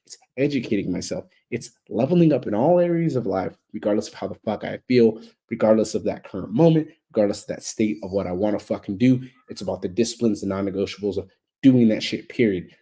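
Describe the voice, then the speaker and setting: A man's voice: on the low side, animated, quick pace, dark tone, breathy edge. A man delivering a blunt, heavily profane motivational monologue, hammering his points with repetitive emphatic build-ups. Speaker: motivational speaker.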